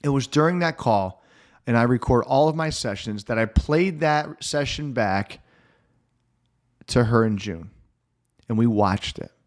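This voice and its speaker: On the podcast he hosts, a middle-aged man working as a mental performance coach recounts a client story with earnest emphasis, leaning on slow, stressed phrases for motivational effect. His voice is mid-range and expressive.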